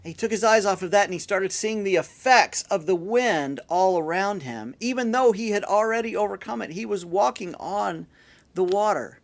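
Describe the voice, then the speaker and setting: A male pastor giving a sermon in a relaxed, conversational storytelling way, often repeating words as he goes. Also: high-pitched, normal speed, gravelly.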